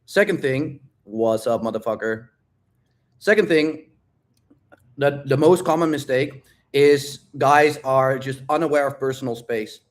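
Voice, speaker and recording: During a live-streamed Q&A on dating, a man with a slightly high voice coaches his viewers at a measured pace. He's loud, blunt, and profane, drilling points in through emphatic repetition.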